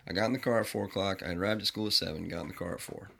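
A man's voice: deep voice, fairly even intonation, racing, gravelly, sharp tone. A man hosting a podcast, talking in a blunt, profane, rambling monologue. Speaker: podcast host. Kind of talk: casual ranting monologue.

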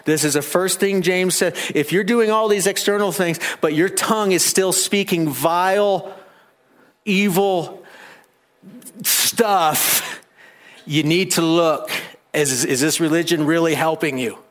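Man, pastor, high-pitched, emphatic, earnest sermon. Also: measured pace. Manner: earnest, emphatic preaching with rhetorical questions.

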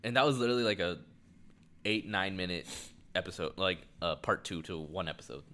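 A man co-hosting a casual podcast, swearing freely and retelling a story with animated quoted lines. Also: low-pitched, brisk. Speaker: podcast co-host. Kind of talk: casual chat.

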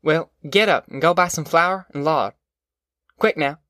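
A man's voice: fairly high pitch, measured pace, fairly bright tone, dry recording, studio quality, voice pushed up. A man doing a firm, urgent farm mother. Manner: urgent, commanding, rural folksy speech.

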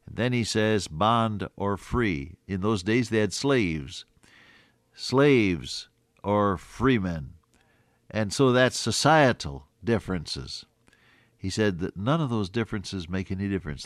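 An older man preaches in an earnest, folksy way, his low voice climbing to emphatic peaks before sinking soft again. The sound is close and dry, with no room around it. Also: lively intonation, a little slow, no room sound. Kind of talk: sermon.

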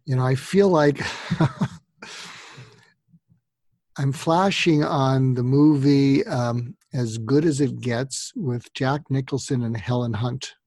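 A man's voice: mid-range voice, measured pace, darkish tone, no room sound. A man co-hosting a podcast, retelling a film scene in a playful storytelling way. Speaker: podcast co-host. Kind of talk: casual chat.

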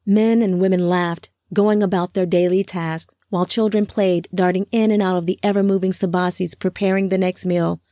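Woman narrator for a fantasy audiobook, lowish voice, dry booth sound, steady. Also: normal speed, hardly any pauses, no room sound.

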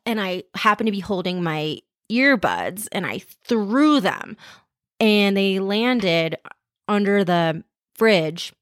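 A woman's voice: fairly low pitch, no room sound, studio quality. A woman in her thirties hosting a podcast, telling candid personal stories in a frank, self-deprecating way and swearing freely. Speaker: podcast host. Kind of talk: candid personal storytelling monologue.

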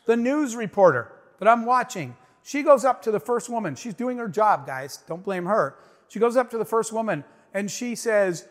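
A man's voice: sits high, sing-song, normal speed. A middle-aged man telling a story as a motivational speaker, talking emphatically and directly to his audience. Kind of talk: inspirational stage talk. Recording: long hall reverb.

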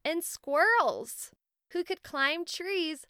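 A woman hosting a children's podcast, narrating a bedtime-style story in a gentle, warm way. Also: extremely high pitch, expressive, very slow, dry recording, studio quality.

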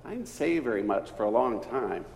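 A man's voice: sing-song, creaky, darkish tone. A middle-aged man from East Texas, preaching a storytelling sermon in a church. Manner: slow, storytelling delivery with wide swings in pitch and volume. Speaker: pastor. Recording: reverberant church hall.

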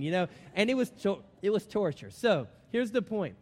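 A man preaching a sermon, telling a personal story in an animated storytelling manner. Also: high-pitched, moderate pace, hardly any pauses, big-room sound. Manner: storytelling, animated when excited.

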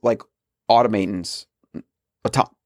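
A man's voice: fairly low pitch, fairly even intonation, measured pace, no echo, clean studio sound. A man hosting a solo podcast, talking earnestly in a rambling way with frequent restarts. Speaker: podcast host.

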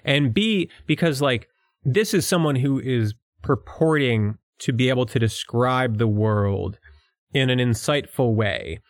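A man's voice: medium pitch, measured pace, no room sound, clean studio sound. A young man with a mixed New York and Philadelphia accent, co-hosting a casual podcast, exasperated and swearing often. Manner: profane, exasperated, laughing often. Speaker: podcast co-host.

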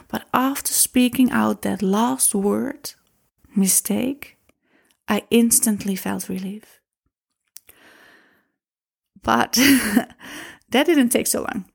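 Reflective woman with a gravelly fry. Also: a little high. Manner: emotional and reflective, with soft laughs and a few grammar slips. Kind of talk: personal storytelling.

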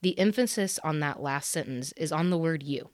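A woman's voice: sits low, moderate pace, darkish tone, no echo, studio quality. A woman in her thirties hosting a podcast, giving a candid, earnest and emphatic solo reflection. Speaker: podcast host.

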